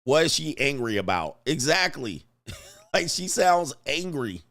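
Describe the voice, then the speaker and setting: Blunt, mocking man with lively pitch. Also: measured pace. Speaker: commentary host. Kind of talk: livestream reaction commentary.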